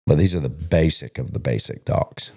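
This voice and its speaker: A man's voice: very deep voice, moderate pace, creaky, mellow. A man co-hosting a casual podcast about stockdog training, telling long rambling stories and acting out the conversations he quotes. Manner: rambling storyteller who acts out quoted conversations.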